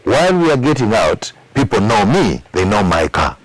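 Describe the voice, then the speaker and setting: A very low-pitched man with a Ugandan accent talks openly in an interview about his past. He tells it as a story, repeating words for emphasis and putting on the voices of the people he quotes. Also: big pitch swings, moderate pace, no echo, low-quality recording. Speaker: musician recounting his past.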